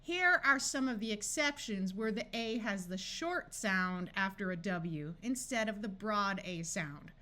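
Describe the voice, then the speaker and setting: A woman teaching a phonics lesson, reading words slowly and clearly one by one. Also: medium pitch, expressive, pushed and bright. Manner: slow, clearly enunciated word-by-word reading. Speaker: phonics tutor. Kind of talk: scripted phonics lesson narration.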